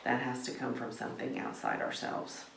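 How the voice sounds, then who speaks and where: A middle-aged woman hosting a casual faith vlog while gardening, talking in a gentle, meandering way with many fillers. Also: a bass voice, big pitch swings, moderate pace, vocal fry, slight background noise. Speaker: vlog host. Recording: roomy echo from a distance with faint ambience.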